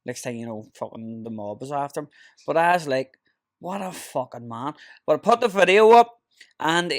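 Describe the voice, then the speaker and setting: A man's voice: fairly high pitch, fairly quick, no room sound, studio quality. Swearing man telling stories. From Ireland. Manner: swearing storyteller, laughs often. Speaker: podcast host. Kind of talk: casual chat.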